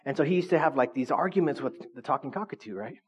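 Casual pastor, mid-pitched man, chatty sermon delivery, dull lo-fi recording. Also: lively intonation, quick pace, husky. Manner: conversational, frequent "right?" tags.

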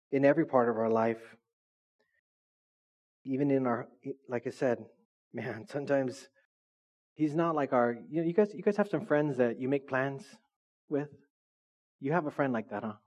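A man preaching a sermon as a pastor, lively and joking, acting out voices from his stories. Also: mid-range voice. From California. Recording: dull lo-fi sound.

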